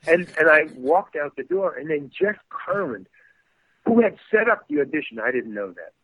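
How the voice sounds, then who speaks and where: Heard over a dry, tinny line like a phone call with no echo, an older guest actor tells rambling, animated stories in a podcast interview, playing the characters himself. His voice sits on the high side, slightly rough, at a moderate pace.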